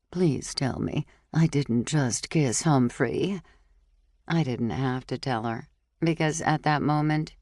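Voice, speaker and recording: A woman narrating a cozy mystery audiobook in a measured, even storytelling voice. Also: sits low, no room sound, clean studio sound. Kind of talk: scripted narration.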